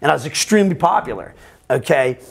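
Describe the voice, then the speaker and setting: A man's voice: on the high side, fast, creaky, husky. A middle-aged American man telling his own story in an interview, rambling and profane, often quoting other people. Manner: profane, rambling, animated, quotes others in voices. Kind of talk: candid personal storytelling.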